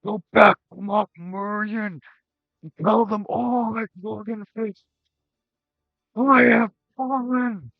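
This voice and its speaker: A man's voice: high voice, fairly even intonation, slow pace, pauses often, no echo, narrow, tinny audio, pitched above the performer's own voice. A man playing a fallen giant warrior, strained. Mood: resigned. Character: defeated male giant warrior, proud.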